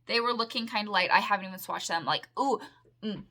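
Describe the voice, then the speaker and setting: A young woman chatting casually at home in a makeup haul vlog, gushing and rambling with excitement. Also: medium pitch, fast. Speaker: makeup vlogger.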